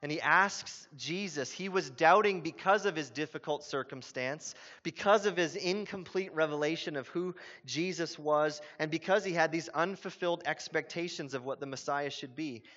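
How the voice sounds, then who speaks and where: A man's voice: fairly high pitch, normal speed, hardly any pauses, fairly bright tone. Male preacher, earnest sermon, emphatic questions, long church-hall reverb, muffled sound. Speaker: pastor.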